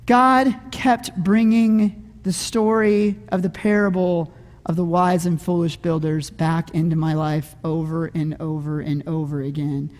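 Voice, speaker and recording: A man's voice: on the high side, little pitch movement, measured pace. A middle-aged man preaching a sermon, telling a funny story in a conversational way and often asking "right?". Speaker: pastor. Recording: echoey hall.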